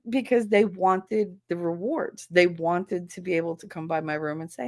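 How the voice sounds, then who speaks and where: A woman's voice: fairly low pitch, steady tone, normal speed, hardly any pauses. A woman who is a former schoolteacher, talking bluntly and with profanity in a casual livestream chat. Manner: blunt and profane, acts out quoted voices.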